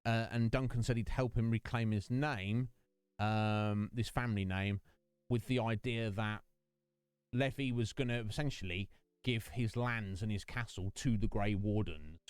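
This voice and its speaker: A man's voice: fairly low pitch, fairly even intonation, a little slow, clear, resonant tone, dry recording. A man chatting casually with his stream viewers, rambling between topics and greeting them by name. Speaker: game streamer.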